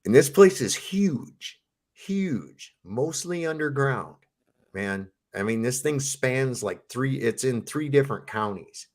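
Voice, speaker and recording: A man's voice: medium pitch, expressive, slow, darkish tone. A man telling a long, rambling story in a casual panel chat, swearing freely.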